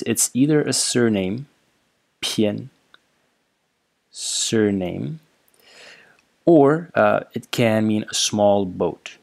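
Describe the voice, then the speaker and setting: A man explaining written characters in a relaxed lecture over slides, with frequent fillers and repeated words. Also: on the low side, vocal fry. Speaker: language teacher.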